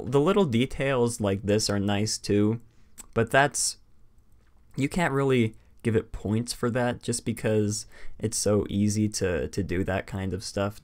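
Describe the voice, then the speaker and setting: A man hosting a live stream, chatting casually in a rambling way full of fillers and quick laughs. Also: lowish voice, darkish tone. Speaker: stream host.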